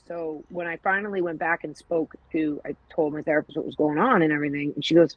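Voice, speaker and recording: A woman's voice: low-pitched, fairly quick, husky, no room sound, highs cut off. A woman co-hosting a podcast, telling stories in candid casual chat, acting out quoted dialogue and swearing freely. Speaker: podcast co-host.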